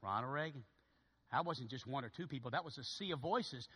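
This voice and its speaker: A man preaching a sermon to his church, animated and swinging from loud calls to hushed asides. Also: medium pitch, a little fast, slightly rough, in a large hall. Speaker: pastor. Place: church sanctuary.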